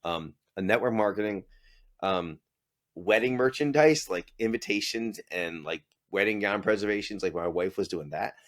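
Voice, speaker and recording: In a relaxed interview, a forties-aged business owner recounts his story, laughing frequently and mimicking the people he quotes. His voice is fairly low and moves at a moderate pace.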